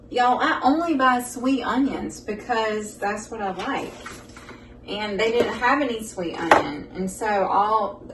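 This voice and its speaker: A woman's voice: mid-range voice, background noise. Chatty woman in an echoey kitchen. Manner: chatty, folksy, talks to viewers as "y'all". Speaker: cooking show host. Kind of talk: casual home cooking vlog. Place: home kitchen. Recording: echoey kitchen, mic far off, loud kitchen clatter. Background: dishes and pans clattering.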